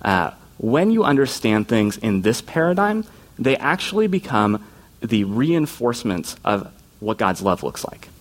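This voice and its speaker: A man's voice: medium pitch, big pitch swings, a little slow. Earnest, casual male youth preacher. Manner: earnest and informal, often slips into quoted voices. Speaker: youth pastor. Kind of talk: conversational sermon.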